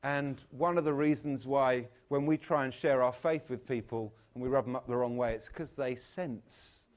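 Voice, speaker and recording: A man preaching an animated, jokey sermon, acting out the people in his stories. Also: mid-range voice, moderate pace. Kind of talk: lively sermon.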